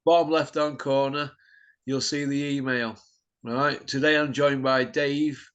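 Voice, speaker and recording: A man's voice: mid-range voice, fairly even intonation, a little slow, fairly bright tone, clear, resonant tone. Blunt, matey male show host. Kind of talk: casual chat. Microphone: video call.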